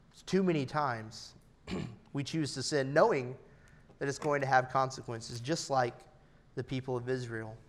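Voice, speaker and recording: A man in his thirties preaching an earnest, personal sermon, his loudness rising and falling for emphasis. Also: mid-range voice. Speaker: pastor.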